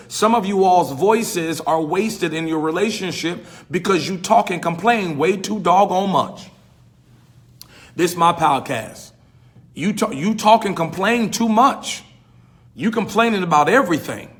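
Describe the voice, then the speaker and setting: Pastor host, male, high voice, emphatic and folksy podcast preaching. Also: normal speed. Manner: emphatic, repetitive, folksy with slang. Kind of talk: preaching-style podcast talk.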